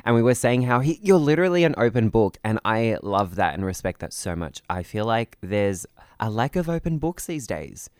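A man's voice: lowish voice, big pitch swings, moderate pace, a little mellow, smooth, dry recording, studio quality. A man hosting a casual radio podcast interview, bubbly and enthusiastic. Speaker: podcast host.

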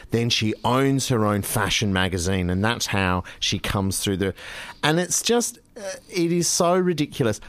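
A man's voice: on the low side, no echo. A man co-hosting a radio show, chatting casually and gushing over old TV. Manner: animated, gushing, quick to exclaim.

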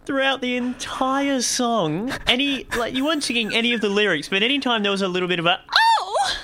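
A woman's voice: on the high side, fast talker, bright, forceful tone, slight background noise. A woman co-hosting a radio show, adding dry, teasing asides. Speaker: radio co-host. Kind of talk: casual radio chat.

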